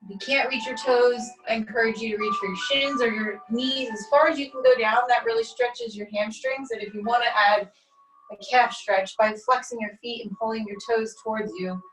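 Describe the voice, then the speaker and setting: Fitness instructor, woman, higher voice, calm step-by-step stretch cues, laptop mic set back in an echoey room with faint music. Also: moderate pace, distant mic. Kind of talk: guided stretching class.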